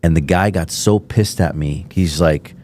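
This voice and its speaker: A podcast host from Miami with a very low voice. He tells his stories in a rambling, enthusiastic way, full of fillers and asides. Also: measured pace, darkish tone, a little hiss or hum. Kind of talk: casual interview chat.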